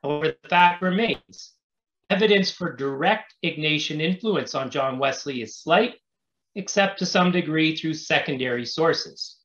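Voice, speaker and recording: A man's voice: a little high, a bit bright, lo-fi sound. Man reading a scholarly paper in a roomy space. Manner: measured, scholarly delivery with occasional restarts. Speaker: pastor presenting an academic paper. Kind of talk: formal reading of a prepared paper.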